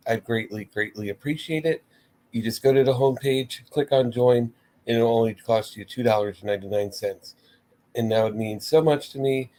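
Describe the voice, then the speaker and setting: A man's voice: mid-range voice, a little mellow. A man hosting his own wrestling commentary show, rambling casually and getting exasperated, with swearing and mimicked reactions. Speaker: wrestling commentary channel host.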